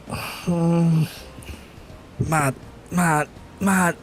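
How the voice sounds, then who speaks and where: A man streaming live, overwhelmed and swearing, holding back from shouting. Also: on the high side, little pitch movement, very slow, pauses often, soft background music. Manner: emotional, swearing, restrained from shouting. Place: room at home.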